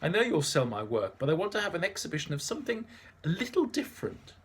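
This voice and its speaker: A man voicing an excitable, scheming Australian male painter in an audiobook. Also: fairly high pitch, quick pace, breathy edge, pitched above the performer's own voice. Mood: eager.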